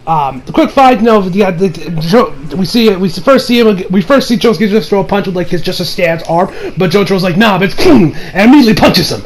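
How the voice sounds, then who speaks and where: A man's voice: high voice, expressive, fairly quick, hardly any pauses. A man giving a casual, rambling episode review, swearing often and leaning on fillers like "you know" and "like". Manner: rambling, profane, full of fillers. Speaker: anime reviewer.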